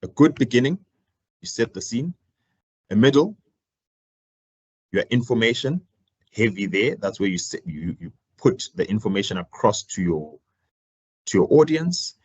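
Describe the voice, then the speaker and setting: A man gives a career talk on public speaking, projecting loudly and swinging his voice up and down to demonstrate. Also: sing-song, unhurried, pauses often, husky. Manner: projecting louder than usual, swinging his pitch and volume up and down to demonstrate. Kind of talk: live workshop presentation.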